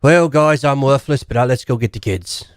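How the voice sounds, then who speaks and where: Brief: male tabletop player, mid-range voice, relaxed and plain. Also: medium pitch, normal speed, clean tone, no room sound. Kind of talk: in-character chat at a live tabletop game.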